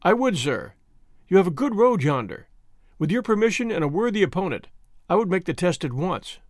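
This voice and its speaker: A man's voice: sits high, big pitch swings, a little fast, no room sound, clean studio sound. A man voicing a polite, earnest young man speaking formally to officers. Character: polite, quick-witted young male cyclist.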